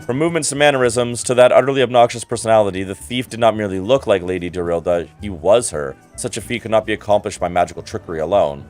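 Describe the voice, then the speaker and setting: A man's voice: lowish voice, quick pace, hardly any pauses, a little mellow, soft background music, lightly acted. A man reading aloud as a haughty, condescending male investigator from a game, in a formal, cool and superior manner.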